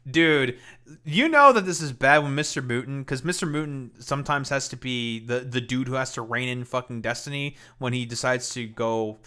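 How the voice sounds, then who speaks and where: A male streamer reacts to a clip, heckling it with profane, mocking commentary. His voice sounds forceful and bright, at an average pitch for a man. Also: normal speed, smooth. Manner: mocking, heated, profane, with laughs. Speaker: streamer host.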